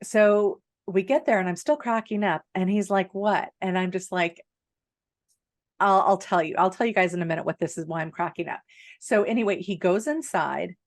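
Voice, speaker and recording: A middle-aged woman co-hosting a podcast, telling a personal story in a chatty, animated way and often breaking into laughter. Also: mid-range voice, no room sound, studio quality. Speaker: podcast co-host. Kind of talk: casual storytelling chat.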